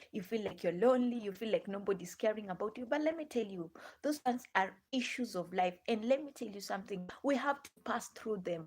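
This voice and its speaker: A woman with a Ghanaian English accent hosting a live stream, chatting to viewers in a rambling way, repeating herself and asking them many questions. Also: a little high.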